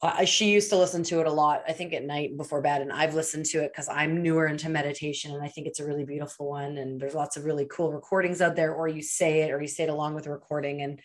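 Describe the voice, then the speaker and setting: A woman's voice: low voice, steady tone, fast talker, few pauses. A woman hosting an interview podcast, affirming her guest and reflecting aloud. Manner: warm affirming reactions, reflective. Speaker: podcast host. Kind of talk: casual interview talk.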